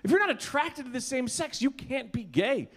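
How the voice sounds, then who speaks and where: A man in his thirties doing a stand-up comedy set, animated and shouting his punchlines. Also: extremely high pitch, normal speed, breathy edge. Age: 30s. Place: comedy club. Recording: live club with crowd laughter. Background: audience laughter.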